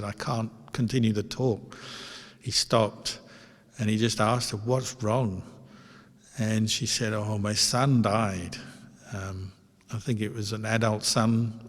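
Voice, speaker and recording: Male monk, low and gentle, unhurried storytelling teacher; reverberant hall sound. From Australia. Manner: calm, gentle anecdotal telling with fillers. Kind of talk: dharma talk storytelling.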